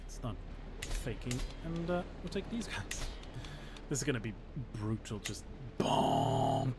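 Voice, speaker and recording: A man's voice: a little high, big pitch swings, over loud music. Articulate man with a British-sounding accent. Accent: British-sounding English. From Portugal. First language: Portuguese. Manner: articulate, measured, chatty with viewers. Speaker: historian streaming a strategy game. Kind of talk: casual livestream chat and game commentary.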